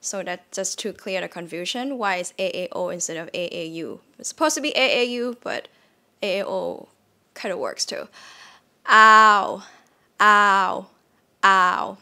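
A woman's voice: on the low side, sing-song, normal speed, a bit bright. A woman with a Thai accent teaching a casual online language lesson, often repeating words aloud to show the tones. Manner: demonstrates tones by repeating words, chatty with many fillers.

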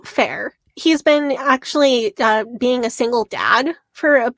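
A woman's voice: a little high, measured pace, a bit bright. A woman co-hosting a podcast in casual chat. She tells the story with energy and often laughs as she reads out quotes. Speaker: podcast co-host.

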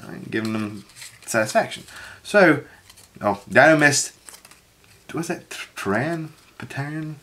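A woman's voice: a bass voice, lively intonation, a little slow, long pauses, fairly bright tone. A woman chatting casually while opening card packs, rambling through a work story and reading card names aloud. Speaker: card pack opener, co-host. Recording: noisy with wrapper crinkling.

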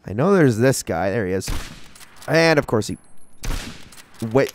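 A young man giving casual, excitable commentary while playing a shooter game, talking to himself and the enemies. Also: mid-range voice, normal speed, long pauses. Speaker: gaming channel host.

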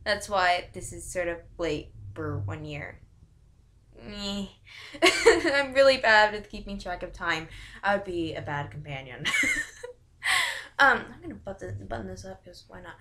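A woman's voice: lowish voice, big pitch swings, normal speed, pushed and bright. A woman chatting casually to the camera as a YouTuber, giggly and rambling, often correcting herself. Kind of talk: casual vlog chat to camera.

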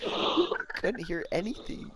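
A man's voice: high voice, very animated, unhurried, crowd noise. A man in casual gaming chat, laughing so hard he keeps gasping for breath. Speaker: streamer in game chat. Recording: noisy background.

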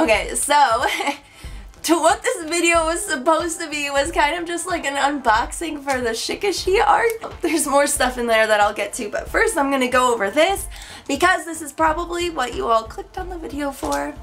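Woman, young, high-pitched, gushing, chatty vlog, voice cracking, soft music in background. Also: animated, normal speed. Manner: gushing, squealing exclamations, chatty. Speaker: YouTuber. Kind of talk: excited unboxing vlog.

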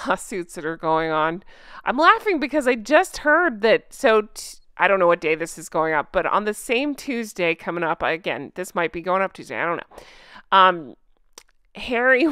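A woman's voice: lowish voice, a bit bright, smooth, no echo, studio quality. A woman hosting a casual commentary chat, chatty and sarcastic, laughing often. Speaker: host.

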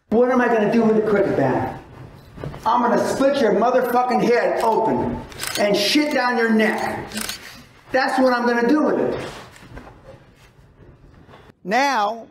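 High-pitched shouting man berating listeners. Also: animated, unhurried, pauses often, a little hiss or hum. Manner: profane, berating, shouts often. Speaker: business seminar speaker. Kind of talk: aggressive motivational seminar rant.

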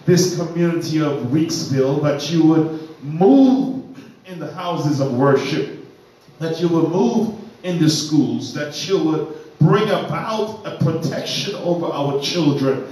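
A man's voice: a little high, measured pace, darkish tone. Fervent praying man in an echoey church. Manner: fervent, rhythmic, repeating phrases in litany. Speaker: minister leading prayer. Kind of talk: opening prayer at a Bible study. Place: church, indoors. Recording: very echoey church room, mic far off.

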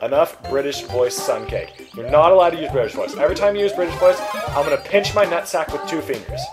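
A young man giving crude, excitable gaming commentary, often yelping and shouting at the game. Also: fairly high pitch, quick pace. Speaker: let's play commentator. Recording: game music behind the voice. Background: game music.

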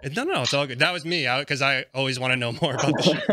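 A man's voice: mid-range voice, animated, fast, bright, forceful tone, dry recording, studio quality. A young adult man hosting a board game show over a video call, chatty and teasing. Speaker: host. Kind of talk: casual game show chat.

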